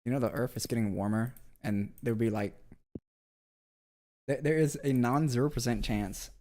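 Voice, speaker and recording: A young man chatting live to his stream, mid-pitched and easygoing. He rambles from one joke to the next, piling on fillers and side remarks as he goes. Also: normal speed, mellow, slight background noise. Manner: loose, joking storyteller, full of fillers and asides. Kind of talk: casual rambling livestream chat.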